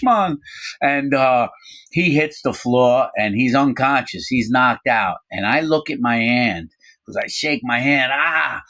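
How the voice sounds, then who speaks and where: A middle-aged man casually telling a story from his own life, animated, acting out quoted voices, with frequent fillers. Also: on the low side. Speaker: storyteller recounting his prison time.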